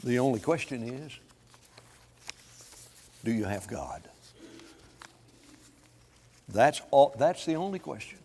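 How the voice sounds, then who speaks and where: A man preaching a sermon to a congregation, swinging between hushed lines and loud, drawn-out emphasis. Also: mid-range voice, animated. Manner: dramatic swings from soft to loud, slow emphatic phrasing. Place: church sanctuary. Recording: long hall reverb.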